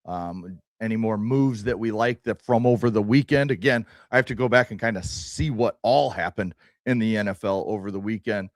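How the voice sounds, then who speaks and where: Brief: low-voiced male co-host, relaxed casual delivery, dry recording. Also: normal speed, hardly any pauses, dry recording. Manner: relaxed, easygoing, short replies. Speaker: sports talk co-host. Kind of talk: casual sports talk chat.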